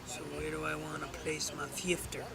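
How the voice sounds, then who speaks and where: A man hosting a casual livestream, rambling and swearing as he thinks out loud. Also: on the high side, completely flat delivery, normal speed, creaky, over a noisy crowd. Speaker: livestream host. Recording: loud vehicle and game noise behind.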